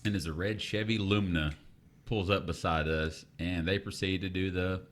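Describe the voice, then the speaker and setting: A man's voice: sits low, fairly even intonation, normal speed, slight background noise. A young man, co-hosting a podcast and telling a story in casual chat, acting out the voices he quotes. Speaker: podcast co-host.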